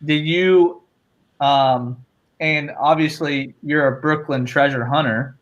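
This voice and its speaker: A man's voice: a little high, steady tone, slow pace, highs cut off. A man hosting a live stream, upbeat, laughing often and reading viewer chat aloud. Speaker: host.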